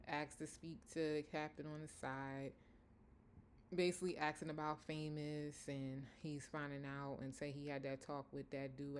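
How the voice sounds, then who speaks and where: A woman's voice: low-pitched, slight background noise. A woman casually recapping a TV episode in a rambling, conversational way with many fillers. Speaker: TV episode reviewer.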